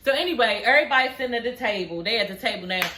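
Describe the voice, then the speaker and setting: A woman recapping a reality TV episode in casual, sassy talk, gossiping and swearing freely with drawn-out emphasis. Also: a little high, lively intonation, reverberant, noisy background.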